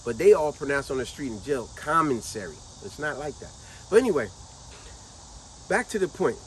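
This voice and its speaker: A middle-aged woman vlogger gives casual commentary to her audience, emphatic and repetitive, stretching out words to drive her points home. Her low-sitting voice is sing-song and brisk. The audio is poor, with a little hiss or hum.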